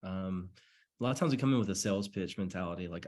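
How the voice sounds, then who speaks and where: Husky low-voiced coaching man. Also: fast talker, darkish tone. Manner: chatty, repetitive, acts out sample dialogues. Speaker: network marketing coach. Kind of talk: casual coaching talk on a call.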